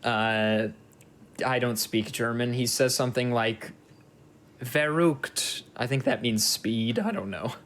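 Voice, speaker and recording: A man runs a tabletop game as dungeon master, his voice sitting at an ordinary mid pitch. He narrates loosely, packing his lines with fillers. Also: a little slow, fairly bright tone.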